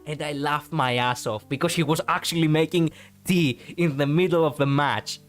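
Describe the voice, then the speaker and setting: A Greek man with a Greek accent and a slightly high voice talks briskly and casually to viewers on a live stream. He rambles with lots of fillers and restarts and laughs easily.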